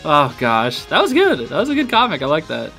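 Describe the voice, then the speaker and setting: A man hosting a reaction video, excitable, laughing often and saying "dude" a lot. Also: a little high, a little fast, soft background music. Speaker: host reacting to fan videos. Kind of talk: casual reaction commentary.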